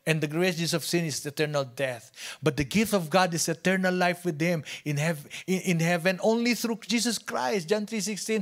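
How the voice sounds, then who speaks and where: This sermon comes from a male pastor with a Filipino accent whose voice sits high and who speaks at normal speed with few pauses. He shifts from quiet, almost whispered lines to forceful ones, restarting and repeating phrases often.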